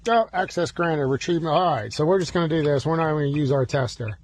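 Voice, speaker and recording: A man's voice: a little high, fairly quick, a little hiss or hum. A man demonstrating car key programming from inside a vehicle, talking through each step with bursts of mock panic. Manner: exaggerated mock panic, fretful exclamations.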